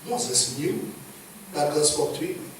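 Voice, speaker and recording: A man with a Kenyan accent preaching a sermon as pastor, emphatic, swinging between loud and hushed. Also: fairly high pitch, expressive, slow. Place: church hall. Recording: echoey hall, distant mic, faint noise.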